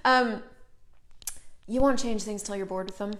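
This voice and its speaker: A woman's voice: mid-range voice, moderate pace. A woman hosting a casual live online show, talking animatedly to viewers, greeting them by name as she goes and swearing now and then for emphasis. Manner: chatty and animated, greets viewers mid-sentence.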